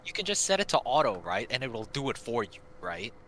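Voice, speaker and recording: Animated bright-voiced man telling stories. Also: medium pitch, a little fast, slight background noise. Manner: animated, swears a lot, acts out quotes. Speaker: gaming friend on stream. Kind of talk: casual storytelling chat.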